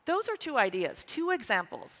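A woman's voice: high-pitched, big pitch swings, normal speed, fairly bright tone. A woman in her forties giving an upbeat, emphatic scripted keynote to a conference audience. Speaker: conference presenter. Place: large conference hall. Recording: reverberant conference hall.

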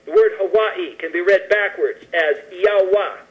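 A man on a talk show guesting to read scripture verses slowly and explain them with loose, pausing commentary. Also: sits high, dull audio. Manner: reads verses slowly and deliberately, then ad-libs commentary with pauses and fillers.

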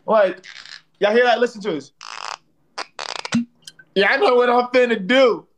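Unhurried and fairly bright in tone, this man's very high-pitched voice carries his livestream banter as he jokingly trash-talks a rival and ribs his viewers. His speech is slangy and repetitive, with "bro" tagged on the end of lines.

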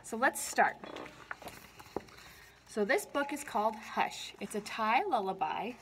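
A woman librarian at children's story time, her voice high and swooping up and down as she reads. She takes it at an unhurried pace, lilting through the lullaby's repeated lines. She breaks in with playful animal noises and friendly questions to her young listeners. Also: animated, noisy background. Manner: lilting, sing-song lullaby reading. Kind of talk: reading a picture book aloud at story time.

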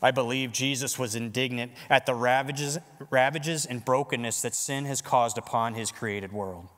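A man preaching a sermon as pastor in a church worship center, animated and conversational, joking with the congregation. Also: mid-range voice, normal speed, in a large hall.

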